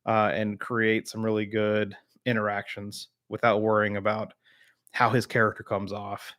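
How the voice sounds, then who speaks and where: A man's voice: on the low side, completely flat delivery, normal speed, fairly bright tone. A man from the American South hosting a casual live-stream chat, rambling with many fillers and replying to viewers by name. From Southern United States.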